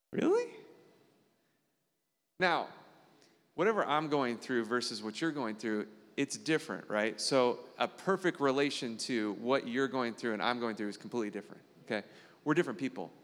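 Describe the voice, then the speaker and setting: A man's voice: fairly quick, hardly any pauses. Earnest preacher man in a reverberant hall. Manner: checks in with listeners through frequent tag questions; earnest, animated preaching with sudden jumps in pitch. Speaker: pastor. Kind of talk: conversational sermon.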